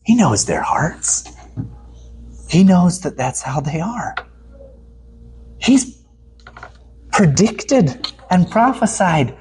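A man preaches slowly and deliberately, pressing on his points with emphasis. His voice climbs high when he mimics the voices he quotes and sinks low when he reads scripture. A faint hiss sits under the recording. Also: animated, a little mellow. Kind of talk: sermon.

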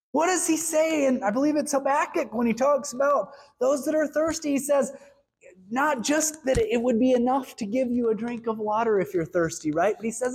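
A woman's voice: high voice, normal speed, a little mellow, breathy edge, rough recording. A woman preaching a sermon, earnestly acting out little dialogues between God and a timid asker.

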